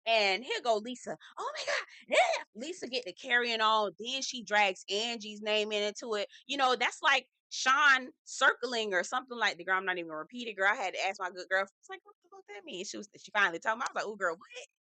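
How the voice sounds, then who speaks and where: A woman's voice: medium pitch, brisk, few pauses, no room sound. Sassy, profane woman recapping reality TV. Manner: animated, acts out quotes. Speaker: reality TV reviewer. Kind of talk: casual recap vlog.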